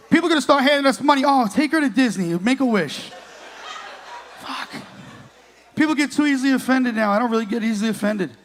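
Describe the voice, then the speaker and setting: A man's voice: very high voice, slight background noise. A man in his late thirties doing a crude, profane stand-up comedy set on a comedy club stage, working the crowd. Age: 30s.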